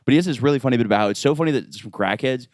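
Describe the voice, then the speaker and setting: A man hosting a comedy podcast, telling stories in quick, animated casual chat. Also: mid-range voice, no echo, studio quality. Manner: rapid, animated storytelling with frequent laughs and repeated "yeah". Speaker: podcast host.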